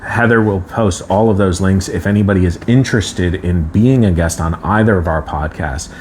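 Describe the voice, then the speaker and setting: Very low-voiced halting man. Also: a little hiss or hum. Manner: halting, many fillers and restarts, earnest. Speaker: co-host. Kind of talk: live-stream talk.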